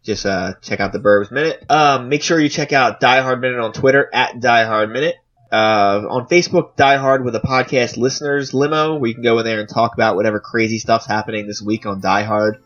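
Joking podcast host, middle-pitched man. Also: brisk, a bit bright, highs cut off. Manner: joking, chatty, with restarts. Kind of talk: casual podcast chat.

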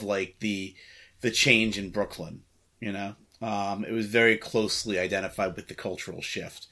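Low-voiced man musing haltingly. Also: a bit bright. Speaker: podcast co-host. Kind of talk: casual chat.

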